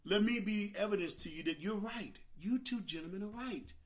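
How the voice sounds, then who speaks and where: An older man hosting a talk show, telling a childhood story with dramatic, animated delivery. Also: high-pitched, brisk. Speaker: host.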